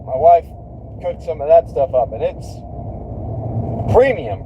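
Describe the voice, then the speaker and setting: Male streamer, slightly high, animated, profane and joking; loud vehicle noise in the background. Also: unhurried, lo-fi sound. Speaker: livestream host. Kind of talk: casual rambling chat to viewers.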